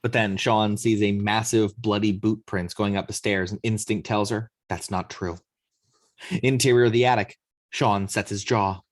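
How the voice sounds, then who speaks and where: A man narrating the action lines of a screenplay read-through in a steady storytelling manner. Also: on the low side, moderate pace, dry recording. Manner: steady storytelling, occasional slips. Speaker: narrator reading action description.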